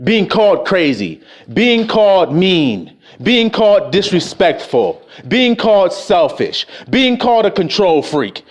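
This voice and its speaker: Man preaching angrily, swearing, high voice, lively swoops, scolding. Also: measured pace. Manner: angry, preachy, cursing, mocking quoted voices. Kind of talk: profane street sermon rant.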